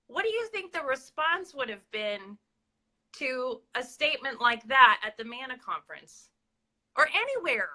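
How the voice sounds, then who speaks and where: A woman's voice: sits high, sing-song, normal speed, sharp tone. A woman co-hosting a casual interview, indignant and rambling, with many restarts as she questions what happened. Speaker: co-host interviewing.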